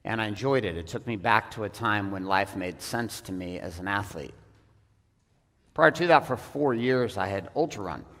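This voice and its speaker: A man with a fairly low voice tells a personal story to a seminar audience, blunt and profane, often pausing on ums. His voice carries a long echo in a large hall. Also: a bit bright. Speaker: seminar speaker. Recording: echoey hall.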